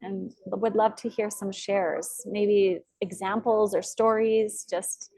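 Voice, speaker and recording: A woman's voice: mid-range voice, steady tone, slow pace, dark tone, dry recording, rough recording. A woman leading a group coaching call, affirming and reflective, asking open questions over a video call.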